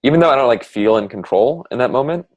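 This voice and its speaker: A man in a casual heartfelt conversation, speaking reflectively and haltingly with many fillers. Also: mid-range voice, animated, darkish tone. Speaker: conversation partner sharing reflections.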